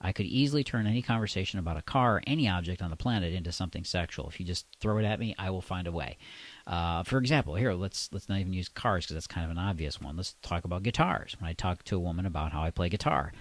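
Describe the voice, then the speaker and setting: Deep voiced guy giving coaching advice, takes his time, pauses a lot, very low pitch. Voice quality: deep, resonant. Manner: slow, deliberate, with long pauses. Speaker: dating coach. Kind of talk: instructional monologue.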